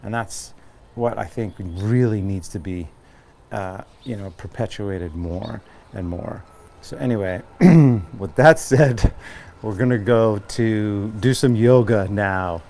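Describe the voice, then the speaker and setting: A man's voice: on the low side, takes it slowly, gravelly, darkish tone. An American man from Long Island, a yoga teacher talking earnestly and rambling with many restarts before guiding a class. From Long Island, New York. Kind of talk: casual yoga class talk.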